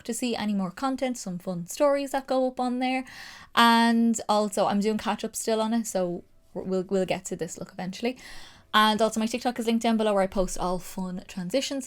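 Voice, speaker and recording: Excitable woman with a Dublin accent. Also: mid-range voice. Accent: Dublin Irish. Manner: chatty and excitable, fillers like "like" and "um". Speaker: makeup creator. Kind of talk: casual makeup tutorial chat.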